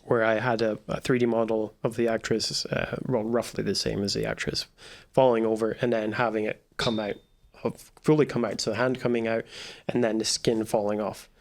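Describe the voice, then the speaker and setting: A man's voice: fairly low pitch, level tone, moderate pace. A filmmaker guest explaining how his film's effects were made, in rambling casual chat with many restarts. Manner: rambling, restarts often, laughs while talking.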